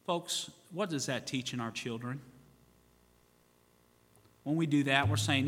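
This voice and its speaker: A middle-aged male pastor preaching to his congregation, his voice higher than most men's and bright, edged with tension. He talks in a folksy, conversational way and acts out the voices of the people in his stories. A long church reverb hangs behind every phrase. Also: normal speed. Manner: folksy, repeats "you know what?", acts out quoted voices. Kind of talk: sermon.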